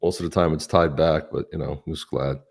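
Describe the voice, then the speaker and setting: A man's voice: extremely low pitch, steady tone, brisk, creaky. A man co-hosting a live stream, chatting casually and upbeat, greeting viewers by name. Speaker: podcast co-host.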